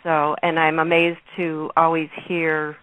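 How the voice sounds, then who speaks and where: A woman with a Chicago accent hosts an internet radio interview in a bright, forward voice. The sound is dry and close, and she keeps the chat loose, laughing often. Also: low-pitched, monotone, measured pace, clear, resonant tone, no echo, poor audio. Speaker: radio show host.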